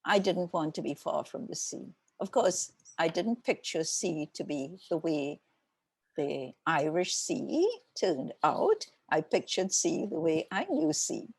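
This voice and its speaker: Older Trinidadian woman with a gravelly voice. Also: fairly low pitch, big pitch swings, dry recording. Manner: reflective, unhurried storytelling. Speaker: author guest. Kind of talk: conversational interview.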